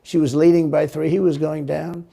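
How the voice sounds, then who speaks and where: Man, gravelly, dark voice, rambling, repetitive, boastful interview talk. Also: fairly high pitch, little pitch movement, moderate pace. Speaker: interview guest. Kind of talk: played interview clip.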